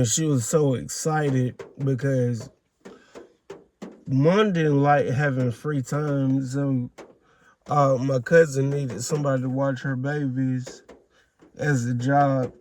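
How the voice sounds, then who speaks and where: A man speaking in a halting, candid and reflective way, recording a personal video diary. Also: medium pitch, a little mellow, a little hiss or hum. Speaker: vlogger.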